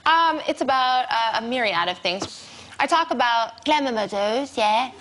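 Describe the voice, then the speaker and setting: A woman, a comedian guest, chatting on a talk show with dry, deadpan jokes. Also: on the high side, normal speed, noisy background. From Canada. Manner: dry, deadpan joking delivery. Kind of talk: casual talk show chat.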